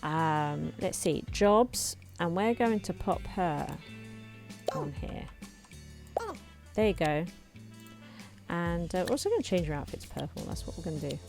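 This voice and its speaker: Lower-pitched woman chatting over gameplay. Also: animated, unhurried, creaky, long pauses, darkish tone, faint music behind. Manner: chatty, thinks aloud while building. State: slightly hoarse, clearing throat. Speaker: let's play host. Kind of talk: casual gameplay commentary.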